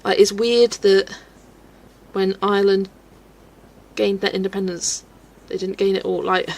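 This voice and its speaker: Her delivery is flat and unhurried, her medium-pitched voice darkish in tone. She's a woman from the United Kingdom hosting a casual colouring stream, chatty and rambling, laughing often as she reads viewer comments aloud.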